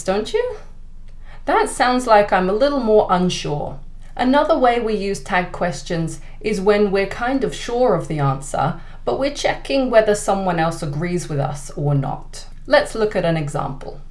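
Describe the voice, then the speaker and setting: A woman with a British accent teaching an online English lesson, speaking clearly and deliberately. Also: medium pitch. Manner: clear, deliberate teaching delivery with exaggerated example intonation.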